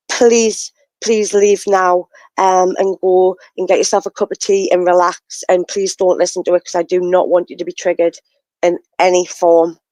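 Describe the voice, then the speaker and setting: An earnest woman hosting a live show. Her delivery stays level and even, with little rise or fall. The sound is close and dry, with no room around it. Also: on the low side, no room sound, low-quality recording. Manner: earnest, repeats warnings. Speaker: host.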